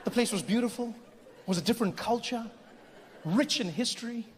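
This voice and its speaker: A man doing stand-up comedy on a theatre stage, animated and storytelling. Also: very high voice, a little fast, slight background noise. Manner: animated, storytelling, switches into voices. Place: theatre stage with live audience. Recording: live hall with crowd laughter.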